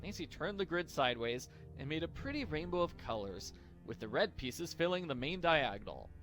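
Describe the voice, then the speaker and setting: A man reading his own parody story aloud, with wry, deadpan asides. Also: on the high side, normal speed, faint music behind. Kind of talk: comedic story narration.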